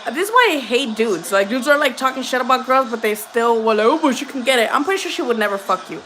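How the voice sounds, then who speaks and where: A woman with a high, bright, ringing voice hosts a casual live chat about boxing. She is blunt and foul-mouthed, teasing and talking back to her viewers. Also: very animated, quick pace. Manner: blunt, profane and joking, talks back to chat. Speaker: host of a boxing livestream.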